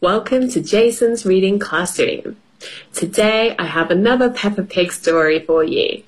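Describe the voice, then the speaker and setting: A woman teacher reading a storybook aloud to children, expressive and asking them questions as she goes. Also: medium pitch. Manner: slow, expressive, asks the listener questions. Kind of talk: storybook read-aloud lesson.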